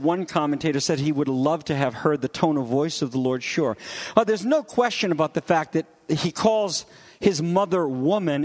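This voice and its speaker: Male pastor, conversational sermon, slightly high voice, animated delivery. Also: long reverb tail.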